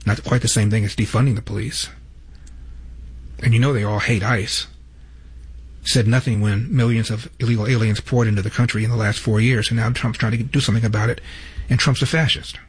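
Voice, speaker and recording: Man, political commentary host, husky voice, emphatic, introduces clips. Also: on the low side, fairly even intonation, a little fast. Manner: emphatic, lists facts and numbered clips.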